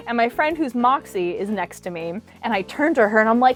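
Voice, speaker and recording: A woman's voice: fairly high pitch, fairly quick, hardly any pauses, faint music behind. Bubbly young woman chatting to camera. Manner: bubbly, animated, lots of "like" fillers. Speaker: cosplay vlogger. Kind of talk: casual storytime to camera.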